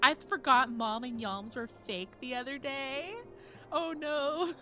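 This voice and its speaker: Young woman streamer, kinda high voice, giggly and fangirly, game music going underneath. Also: a little slow, sharp tone. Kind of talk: casual gameplay chat reading chat.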